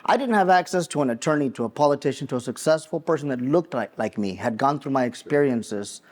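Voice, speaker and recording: A man in his forties from Mexico, raised in West Texas, co-hosting a podcast and telling an earnest, animated personal story with frequent restarts. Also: mid-range voice, fast talker. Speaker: podcast co-host, attorney.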